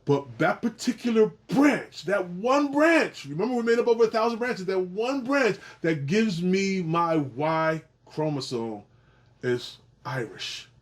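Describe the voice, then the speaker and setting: A middle-aged man hosting his own genealogy video, explaining casually to camera in an animated way, often repeating and restarting phrases and swinging his pitch up for emphasis. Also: a little slow.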